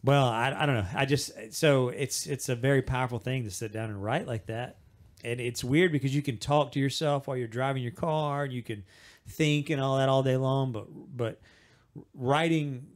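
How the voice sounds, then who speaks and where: A man co-hosting a casual podcast chat, rambling and thinking aloud, often trailing off mid-sentence. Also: medium pitch. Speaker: podcast host. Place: small room, podcast recording.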